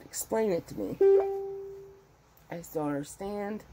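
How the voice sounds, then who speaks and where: A middle-aged woman vlogging about her crochet work from home. Her voice sits on the low side, and she talks in a rambling, chatty way. She sounds emotional at times. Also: very animated, a little slow, mellow, soft background music. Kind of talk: casual chat.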